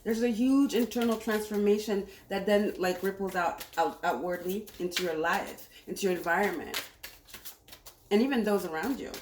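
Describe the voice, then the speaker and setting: A woman's voice: mid-range voice, normal speed. Woman, tarot reader, casual and enthusiastic, repeats herself, roomy echo, faint background hiss. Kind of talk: casual tarot reading to camera. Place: home room, cooking on stove nearby. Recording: echoey room with faint noise.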